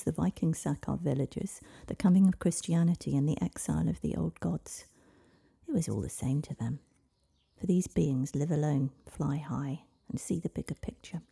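A woman voicing a tall old village wise woman who tells stories of dragons, in a low, breathy, gravelly storybook reading. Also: warm tone, exaggerated voice.

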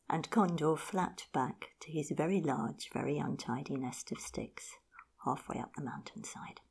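A woman telling an animal fable in a whispered, expressive storytelling voice. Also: sits low, unhurried, gravelly, breathy edge. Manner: lively, expressive narration.

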